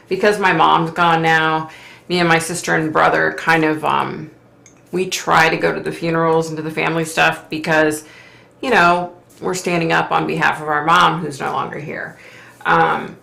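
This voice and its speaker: A woman's voice: sits low, flat delivery, normal speed, creaky, sharp tone, roomy sound. A middle-aged woman hosting a psychic livestream, reading viewer comments aloud and answering with sympathy and frequent sighs. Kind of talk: casual live chat reading comments.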